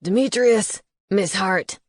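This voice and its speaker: A woman's voice: medium pitch, takes it slowly, no room sound, studio quality. A woman narrator voicing a brusque, smug male sheriff with a curt manner. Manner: curt, condescending.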